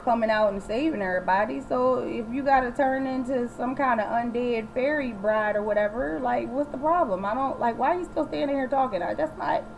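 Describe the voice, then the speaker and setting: A woman's voice: fairly high pitch, brisk, vocal fry, few pauses, slight background noise, low-quality recording. A woman doing a flippant, dismissive male vampire. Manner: flippant, offhand, drawling.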